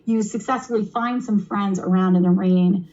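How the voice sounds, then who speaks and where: A woman's voice: mid-range voice, steady tone, normal speed, a little mellow, muffled recording. A woman on a video call, explaining and running a kids' tabletop game demo in an encouraging, teacherly, chatty way. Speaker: game master and presenter.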